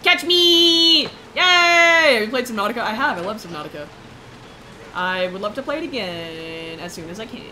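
A young woman streaming a game, chatting playfully with her viewers and squealing when excited. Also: fairly high pitch, moderate pace. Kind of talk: casual gameplay commentary.

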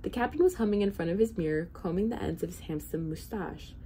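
A woman volunteer reading a children's storybook aloud in an expressive, steady way. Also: on the low side, fast talker, a little hiss or hum. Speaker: hospital volunteer reader.

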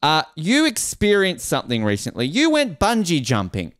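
A man's voice: a little high, wildly swooping pitch, moderate pace, a bit bright, clear, resonant tone, no echo, clean studio sound. A man hosting a podcast interview, chatty and teasing, with stumbling restarts. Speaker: podcast host. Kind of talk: casual interview.

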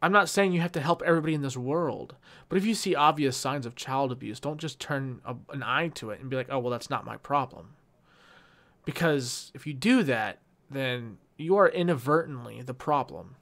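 A man's voice: medium pitch, a bit bright. A man giving an impassioned, heated vlog rant, swearing often and restarting his sentences. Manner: heated, profane, with frequent restarts. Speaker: YouTuber.

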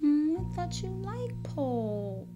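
A bubbly young girlfriend coaxes in a high, lively sing-song and takes her time over every word. She hums a lot, with faint music playing behind her. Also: slow pace, muffled recording, exaggerated voice. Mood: coaxing, bubbly. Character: bubbly pushy girlfriend, young adult woman.

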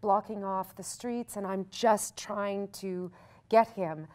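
Young Canadian actress, chatty and animated, mid-pitched. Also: female voice, slow pace. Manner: animated, chatty, laughs easily. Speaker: musical theatre actor. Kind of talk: casual Q&A chat.

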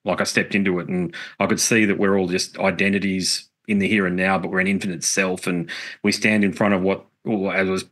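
Middle-aged man, very low voice, earnest and reflective, swears casually; interview guest. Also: level tone, fairly quick, a bit bright. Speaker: podcast guest, musician.

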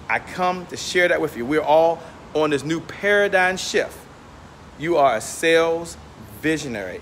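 A man's voice: a little high, fairly bright tone, slight background noise. Upbeat man talking into his phone outdoors. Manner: upbeat, motivational. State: slightly out of breath. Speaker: host. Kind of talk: casual livestream vlog. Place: outdoors, walking near a hotel. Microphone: phone held in hand.

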